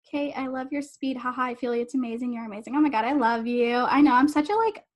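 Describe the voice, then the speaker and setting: A young adult woman with a bright, high voice hosts a live online coaching session. She talks in a quick, rambling, bubbly rush, gushing at her listeners. Her voice comes through a computer microphone on a video call. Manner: fast, rambling, bubbly and effusive. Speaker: life coach hosting a live online summit. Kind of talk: casual live-stream talk to attendees.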